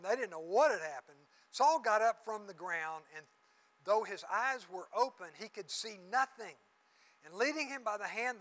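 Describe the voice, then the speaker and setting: A man's voice: high-pitched, rough recording. A man preaching a sermon, telling the story vividly and acting out the people he quotes. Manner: animated storytelling, acts out quotes. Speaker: pastor.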